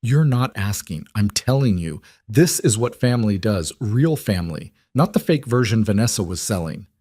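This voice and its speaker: A man's voice: lowish voice, lively intonation, normal speed, mellow, dry recording, studio quality. A man reading a story voices a firm, protective older mother who speaks steadily and plainly.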